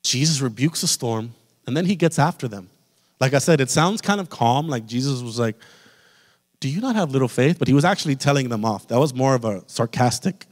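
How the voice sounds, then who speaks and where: A man's voice: mid-range voice, a little fast. A man preaches with fervor, calling out directly to the congregation in front of him. His voice sits in an ordinary middle register, and it rings out with the long reverb of a church hall. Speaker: pastor. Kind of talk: sermon. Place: church sanctuary.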